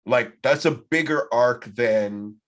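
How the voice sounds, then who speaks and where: A man's voice: mid-range voice, slow, a bit bright. Guy hosting a podcast, rambles a lot, swears constantly, loose casual chat. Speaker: podcast host running a trivia night.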